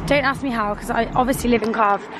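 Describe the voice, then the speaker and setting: A woman's voice: on the high side, fast talker, over a noisy crowd, heavy background noise. A woman in her twenties chatting casually to the camera in a rambling, chatty way, sometimes swearing when annoyed, filmed on a dashboard camera in a car. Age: 20s. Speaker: vlogger. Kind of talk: casual vlog chat.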